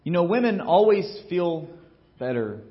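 A man preaching a sermon as pastor, telling a story in a casual, joking way and acting out what people say, getting loud and then dropping low. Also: measured pace, lo-fi sound. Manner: animated storytelling, acts out quotes with big swings in loudness.

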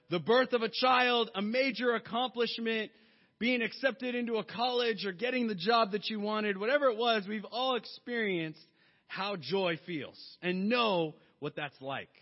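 A man in his thirties preaching a sermon, mixing jokes and lively stories into his message. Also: sits high. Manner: joking, lively storytelling. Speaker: pastor. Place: church hall. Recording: long hall reverb, dull sound.

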